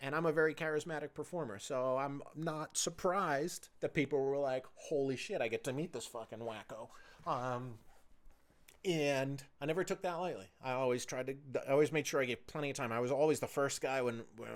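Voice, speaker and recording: A man's voice: mid-range voice, fairly quick. A man in his forties hosting a solo podcast, telling stories in a loose, profane, chatty way. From United States. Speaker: podcast host. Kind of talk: rambling solo podcast storytelling.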